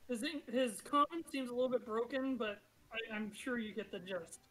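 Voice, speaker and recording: A woman's voice: fairly high pitch, moderate pace, few pauses, a bit bright, low-quality recording. A woman running a tabletop game as game master, narrating the scene in a chatty way and laughing now and then. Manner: chatty, laughs through descriptions.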